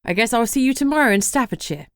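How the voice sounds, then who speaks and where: A woman voicing a brisk, no-nonsense young witch who speaks curtly, in an audiobook reading. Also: fairly high pitch, lively intonation, dry recording, studio quality, pitched above the performer's own voice, lightly acted. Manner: curt and brisk.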